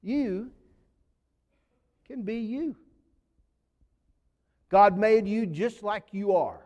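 A male pastor, preaching a sermon as folksy storytelling that swings between loud emphasis and sudden low drops. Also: extremely slow. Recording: long reverb of a large hall.

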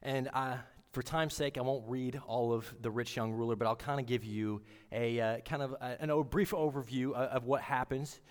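A man giving a sermon in an earnest, halting way, often restarting his words. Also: mid-range voice, steady tone, in a large hall. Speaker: preacher.

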